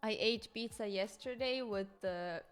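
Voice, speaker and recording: A woman's voice: medium pitch, a little slow, faint music behind. A young woman with a Ukrainian accent chatting casually on a live stream, rambling, giggling and searching for her English words.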